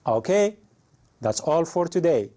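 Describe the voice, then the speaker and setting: A man's voice: fairly high pitch, very animated, unhurried, dark tone. A man teaching an English lesson, reading out example situations and asking his learners what they would say. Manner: reads example prompts aloud, asks learners questions. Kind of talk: classroom lesson.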